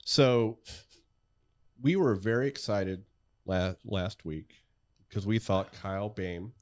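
A man's voice: lowish voice, slow, darkish tone. A middle-aged man hosting a podcast in a studio, talking casually with frequent chuckles. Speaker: podcast host, physician.

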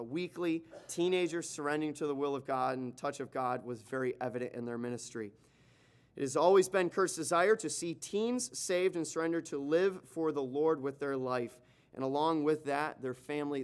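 A man, the pastor, introduces a guest speaker in church, joking and pausing often with fillers. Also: on the high side. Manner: joking, halting, many fillers. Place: church sanctuary.

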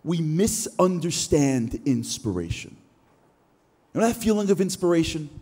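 A man gives a motivational keynote from a stage, talking in a high, animated voice that climbs as he acts out the thoughts of an inspired listener. His voice rings out with the long reverb of a large hall. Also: unhurried, slightly rough. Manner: animated, acts out imagined thoughts with rising pitch. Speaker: keynote speaker.

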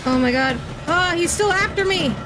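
A woman's voice: very high-pitched, animated, moderate pace, over music. A woman commenting on a horror game as she plays, yelping and talking herself through the scares. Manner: jumpy, yelps and talks herself through scares. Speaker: gaming streamer.

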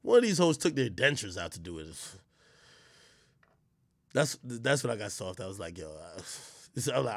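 A man streaming live, telling crude stories in loud, laughing casual chat with sudden yelps. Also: lowish voice, big pitch swings, moderate pace, vocal fry, long pauses, dry recording, studio quality.

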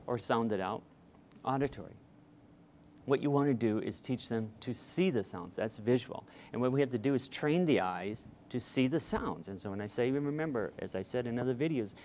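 A man's voice: on the low side, a little mellow, slight background noise. A middle-aged man, a reading tutor, explaining step by step to parents in a patient instructional talk with some fillers.

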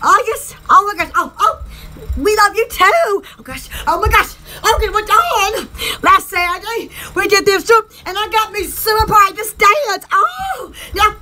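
A woman hosting her own channel, chatting in a rambling, excited way and gushing over everything. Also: very high voice, normal speed. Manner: gushing, lots of "oh my gosh". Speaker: channel host. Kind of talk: rambling excited vlog chat.

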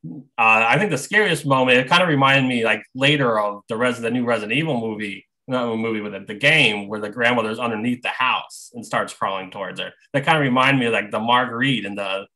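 A man speaks as a guest on a casual podcast. His tone is bright and forward, and he laughs often while he talks. He stays relaxed throughout. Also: medium pitch, brisk, poor audio.

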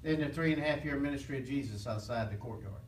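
A man's voice: medium pitch, quick pace, slight background noise. A man teaching a Bible lesson as an interactive sermon, earnestly calling out questions for his listeners to answer. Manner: call-and-response, prompting listeners to finish phrases; earnest and impassioned. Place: church hall with live listeners. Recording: echoey room from a distant mic.

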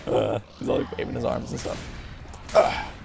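Male gamer, mid pitch, gravelly and excitable, casual commentary over audible background noise. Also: unhurried. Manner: excitable, frequent yelps and exclamations. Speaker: gameplay commentator. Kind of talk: casual let's-play commentary.

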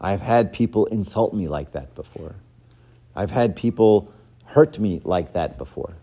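A man's voice: low voice, expressive, measured pace, dark tone. A man giving an informal sermon lesson, conversational and joking, often checking in with his listeners. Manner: conversational, joking, keeps asking "right?". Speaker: church teacher.

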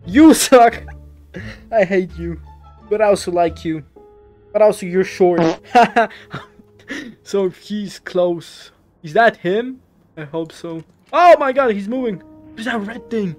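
A young man who is not a native English speaker, playing a horror game and reacting out loud, easily startled and talking to the characters on screen. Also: high-pitched, takes it slowly, pauses often, faint music behind. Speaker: gaming YouTuber.

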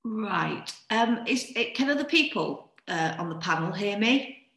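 A woman hosting an online panel, handling a technical hitch with practical, brisk talk. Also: mid-range voice, lively intonation, gravelly, a bit bright, echoey room. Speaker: event host. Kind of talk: hosting announcements.

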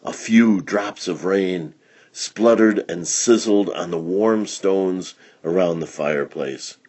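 A man reading a children's picture book aloud in an expressive, storytelling manner. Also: sits low, slow, husky.

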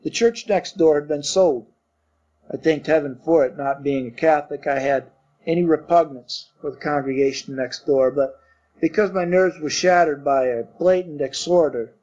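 A man reading a literary story aloud in a measured way. His voice is mellow and a touch high for a man, and the recording sounds dull and muffled. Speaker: audiobook narrator. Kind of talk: scripted narration.

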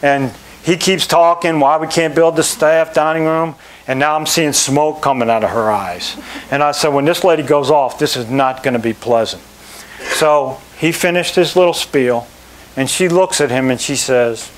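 A middle-aged man, a club manager, telling lively anecdotes to an audience and acting out the people he quotes. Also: medium pitch, normal speed. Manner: animated storyteller, acts out quoted people. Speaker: country club general manager.

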